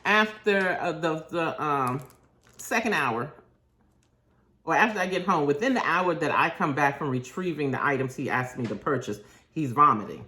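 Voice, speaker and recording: A woman's voice: sits low, moderate pace. A woman, telling a story in a casual vlog rant and acting out what people said. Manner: animated, acts out quotes in shifting voices. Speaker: vlogger.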